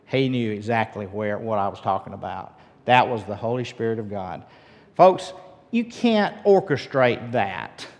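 A man preaching a relaxed, story-driven sermon as a pastor. He asks the congregation questions and often restarts his sentences. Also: fairly low pitch, measured pace. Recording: long hall reverb.

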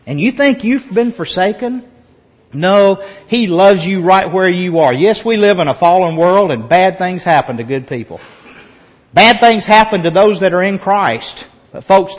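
Male pastor, fairly high voice, earnest emphatic sermon delivery, long church-hall reverb. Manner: earnest, emphatic preaching with repeated phrases.

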